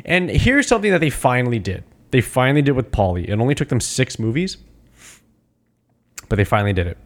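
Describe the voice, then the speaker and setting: Animated man recapping a movie. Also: medium pitch, fairly quick. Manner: animated, acts out characters' lines, swears freely. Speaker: podcast co-host. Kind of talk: casual movie recap chat.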